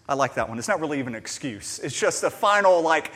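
Animated male preacher, slightly high voice. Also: a little fast. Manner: animated, acts out biblical voices with shifting loudness. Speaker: pastor. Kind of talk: sermon.

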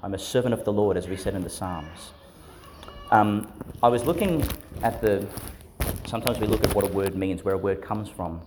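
Priest with a lowish voice, chatting through a school homily and quizzing the kids. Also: male voice, normal speed, background noise. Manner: chatty, asks questions, laughs often. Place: school church service.

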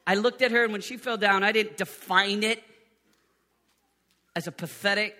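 A middle-aged man preaching to a youth conference, animated, swinging from hushed tones to shouts. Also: sits high, moderate pace, long pauses. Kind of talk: sermon. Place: conference venue in Birmingham, Alabama.

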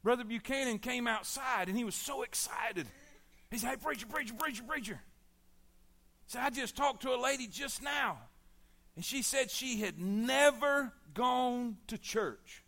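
A middle-aged man with a drawl delivers an emphatic sermon. His voice sits high and sounds bright and forceful, and it swings between ringing exhortation and low, hushed appeals. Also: a little slow. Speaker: preacher.

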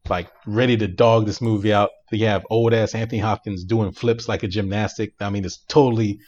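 Man, podcast co-host, casual movie recap, animated, filler-heavy, deepish voice, muffled lo-fi sound. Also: fairly quick. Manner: animated storyteller, laughs often, many fillers.

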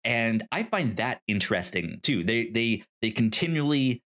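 A man talks casually on a book-club podcast, hesitant and full of restarts. His pitch sits in a middle range. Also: sing-song, normal speed, a bit bright. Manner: hesitant, with many restarts and fillers. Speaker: podcast co-host.

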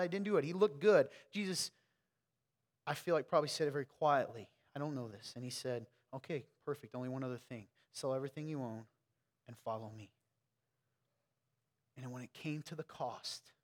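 A man preaching a casual, conversational sermon, swinging between quiet asides and loud emphatic peaks. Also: a little high, big-room sound. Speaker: pastor.

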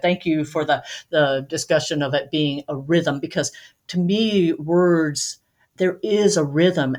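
A woman with a fairly low voice talks as a guest on a podcast, telling stories in an easy, chatty way. She laughs often as she goes. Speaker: romance author and guest. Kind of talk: casual podcast conversation.

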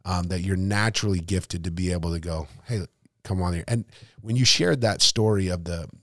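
A man's voice: sits low, normal speed, fairly bright tone, no room sound, clean studio sound. A man, a pastor hosting a church podcast, talking earnestly with thanks and closing in prayer. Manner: earnest and thankful, with many restarts.

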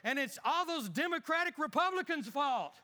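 Grumbling, indignant family dad, high and piercing, a preacher putting him on. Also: male voice, brisk, sharp tone, smooth, long reverb tail. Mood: griping. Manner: whiny, exasperated ranting. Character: grumpy middle-aged father, whining and complaining. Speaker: one-man skit in a sermon.

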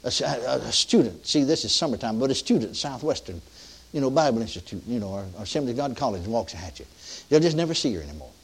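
A man's voice: mid-range voice, sing-song, fast, husky. An older man preaching a sermon, telling a story in a folksy way, with many restarts and emphatic peaks.

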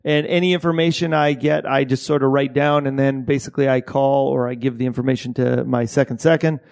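A man's voice: medium pitch, fairly even intonation, fairly quick, vocal fry, darkish tone, clear, resonant tone. A man from Canada, an assistant director, talking loosely in a casual interview, restarting his sentences and swearing often. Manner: rambling, frequent swearing and restarts.

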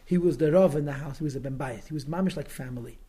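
A man's voice: a little high, fast talker, dark tone, breathy edge. A man teaching through a story, dramatic and emotional, often repeating words and acting out quotes with feeling. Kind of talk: storytelling lesson.

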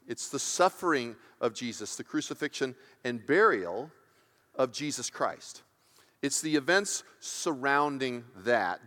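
A pastor giving a sermon in a conversational, emphatic way, often checking in with the congregation. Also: male voice, on the high side, fairly bright tone, in a large hall. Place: church sanctuary.

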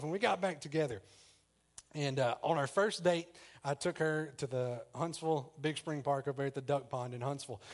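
Laughing preacher telling a story. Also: male voice, a little high. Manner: conversational storytelling, addresses congregation directly, laughs often. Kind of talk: sermon with personal story. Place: church sanctuary.

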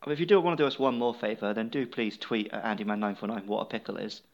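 A man's voice: fairly low pitch, fast talker, lo-fi sound. A man with a dry, teasing humour, chatting while gaming with friends. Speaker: gamer. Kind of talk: casual game chat.

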